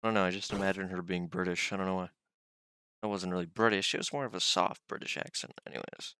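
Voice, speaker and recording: A man's voice: deep voice, steady tone, fast talker, pushed and bright, smooth, no room sound, studio quality. A young man casually joking and reading game text aloud as he plays. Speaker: gaming channel host. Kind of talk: casual let's-play commentary.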